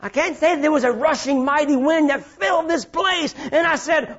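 A man preaching a sermon, swinging between shouted lines and hushed, low-spoken ones. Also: normal speed, dull audio.

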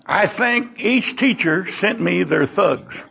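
An older preacher takes his time telling sermon stories, his high voice husky and heavily gravelly, punctuated by animated exclamations. The audio sounds dull and lo-fi.

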